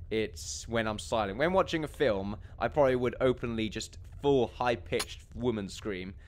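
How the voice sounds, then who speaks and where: A young gaming commentator rambles through a casual let's play of a building game, laughing at himself often in a self-deprecating way. His voice is medium-pitched, with faint music underneath and a slight hiss or hum.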